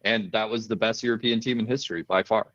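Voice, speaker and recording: A man co-hosting an esports podcast, talking in a halting way and repeating words as he restarts. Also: lowish voice, steady tone, a bit bright, dry recording, highs cut off. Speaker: podcast co-host. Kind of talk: casual esports chat.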